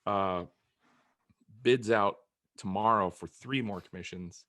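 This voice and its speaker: A man's voice: fairly low pitch, takes it slowly, a bit bright, dry recording, studio quality. A man co-hosting a casual podcast over a video call, describing his woodworking week with wry self-mocking jokes. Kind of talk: casual chat. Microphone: remote video call.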